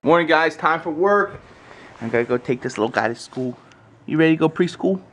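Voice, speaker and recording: A man's voice: a little high, lively intonation, a little fast, a bit bright, slight background noise. A young man, a father, telling family stories casually in a vlog. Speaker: vlogging father.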